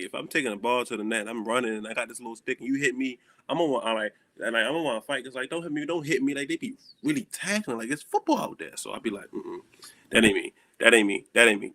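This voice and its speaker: A young man with a Southern American accent, hosting a casual chat and acting out stories with animated dialogue. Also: medium pitch, no echo. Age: young adult. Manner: animated storytelling, acts out dialogue. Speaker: host.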